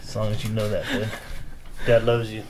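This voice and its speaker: A man's voice: lowish voice, level tone, normal speed, background noise. Profane, easygoing middle-aged man hosting. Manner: loose and profane, turns quietly emotional. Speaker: podcast host. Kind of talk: casual podcast chat.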